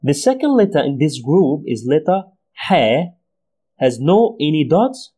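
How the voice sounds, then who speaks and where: A man's voice: a little high, big pitch swings, a little slow, dark tone. A man teaching letters and their sounds, patiently repeating each sound for learners. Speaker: Arabic language teacher. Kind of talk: slow, deliberate pronunciation lesson.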